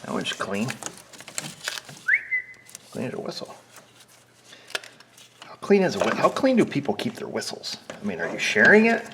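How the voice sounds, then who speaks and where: An auto mechanic chats casually in his repair shop, joking and rambling to himself and even to the parts as he works, like a workshop vlog. His mid-range voice swoops wildly in pitch at a normal speed, broken by long pauses. The garage is noisy, with tools clicking.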